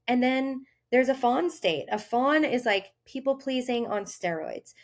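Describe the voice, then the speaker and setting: Earnest woman podcast health coach. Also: medium pitch. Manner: earnest, acts out inner voices with sudden lifts. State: briefly tearful. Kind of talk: casual podcast monologue.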